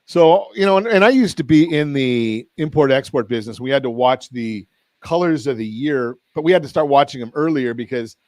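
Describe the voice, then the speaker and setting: A man's voice: mid-range voice, lively intonation, fairly quick, a little mellow, dry recording. Chatty male radio host, dry studio sound. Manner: rambling, self-correcting, joking. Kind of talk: casual radio chat.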